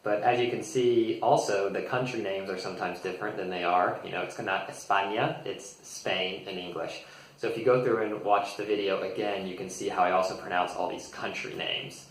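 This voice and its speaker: Deep-voiced American man teaching English. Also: fairly quick, roomy sound, low-quality recording. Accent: General American. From United States. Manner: relaxed, with frequent ums and small laughs. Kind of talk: casual spoken lesson.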